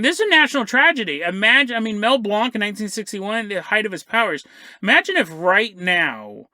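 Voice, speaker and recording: Bright-voiced joking podcast host. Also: male voice, sits high, no echo, studio quality. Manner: jokey, laughs often, digresses. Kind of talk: comedic storytelling monologue.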